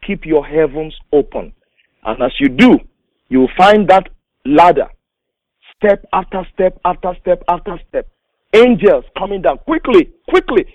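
A man with a high voice delivers a sermon in an emphatic, repetitive preaching cadence, stacking words into rising calls. The recording is dry and a little dull and lo-fi. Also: darkish tone, dry recording.

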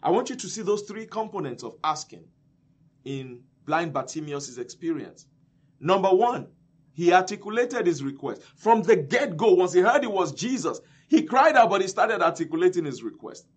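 A male preacher delivering a sermon, emphatic and repetitive, swinging between loud and soft. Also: sits high, big pitch swings, normal speed, husky.

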